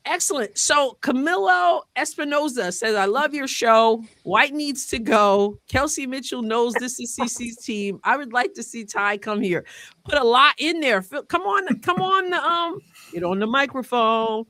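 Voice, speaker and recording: A woman's voice: a little high, expressive, a little slow, sharp tone, dry recording. A woman hosting a live sports call-in stream. She chats, reads comments and repeats phrases as she goes. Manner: upbeat, chatty, repeats words while reading comments. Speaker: host.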